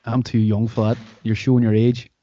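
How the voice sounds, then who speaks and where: A man's voice: medium pitch, little pitch movement, a little fast, dark tone, no room sound. A man with a Derry accent hosts a podcast in loose, joking banter. The recording is dry and a little dull, as if from a small home setup. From Derry, Northern Ireland. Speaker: podcast host. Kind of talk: casual chat. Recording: dry, slightly dull sound.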